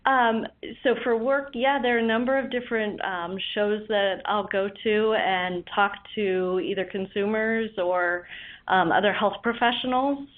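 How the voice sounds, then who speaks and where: A woman's voice: medium pitch, a little slow. A woman dietitian answering interview questions over the phone, friendly and a little hesitant. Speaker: dietitian guest. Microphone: phone line. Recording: tinny phone line.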